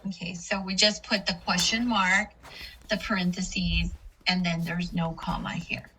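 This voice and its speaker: A woman's voice: on the low side, level tone, a little slow, pushed and bright, slight background noise, low-quality recording. A woman teaching an English-as-a-second-language class on punctuation, explaining patiently and often checking in with "okay". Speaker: ESL teacher.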